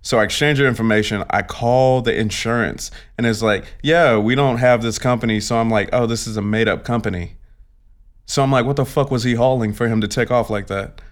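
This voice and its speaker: A man's voice: mid-range voice, fairly quick. A man in casual chat, animatedly telling a profane story.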